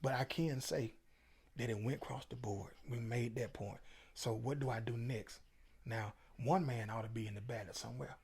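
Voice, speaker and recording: A man's voice: medium pitch, moderate pace, creaky, darkish tone, breathy edge. A middle-aged man, a featured interview guest, telling stories in a casual, emphatic, preachy way. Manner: preachy, emphatic, Southern Black vernacular.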